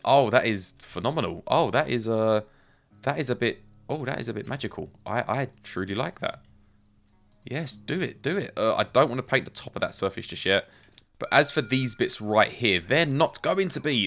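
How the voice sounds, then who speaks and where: Mid-pitched male streamer, casual running commentary with playful asides. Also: lively intonation, moderate pace, a bit bright. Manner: chatty, thinking aloud, self-talk with playful asides. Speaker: game streamer.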